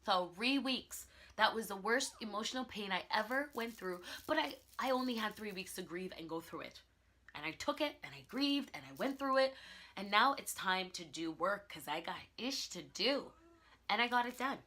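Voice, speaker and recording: A young woman vlogging in a casual, animated way, telling her story with laughter and emphasis. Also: mid-range voice, moderate pace. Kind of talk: casual vlog monologue.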